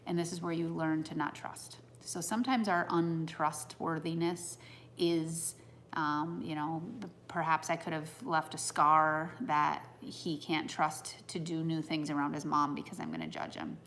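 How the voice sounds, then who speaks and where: An earnest woman in her thirties speaks in a fairly low voice, musing aloud in a casual talk on personal growth. Her delivery is heartfelt and reflective, with faint background noise. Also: a little slow, a bit bright.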